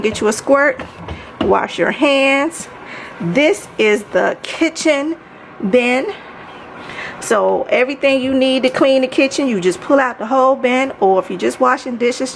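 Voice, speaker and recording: A woman's voice: sits high, measured pace, creaky, slight background noise. A woman from Maryland giving a chatty home tour of her kitchen, talking straight to her viewers as y'all. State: out of breath. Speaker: home organization vlogger. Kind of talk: casual home tour vlog.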